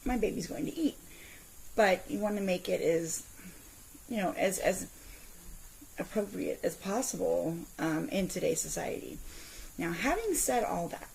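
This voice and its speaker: A woman in her forties ranting in a vlog from her parked car, telling her story with indignant, animated outbursts. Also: on the low side, unhurried, creaky, pauses often, a little hiss or hum, low-quality recording. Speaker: vlogger.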